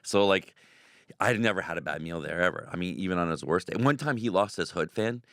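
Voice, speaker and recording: A man's voice: low-pitched, fairly quick, dry recording, studio quality. A man, a haunted house owner telling stories in an interview and acting out the voices of the people in them. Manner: excitable, acts out quoted voices. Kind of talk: animated radio interview storytelling.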